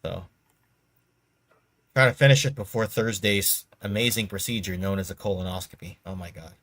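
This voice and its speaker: Man, lowish pitch, dry sarcastic delivery, casual live chat. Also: steady tone, normal speed, fairly bright tone. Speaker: online video creator.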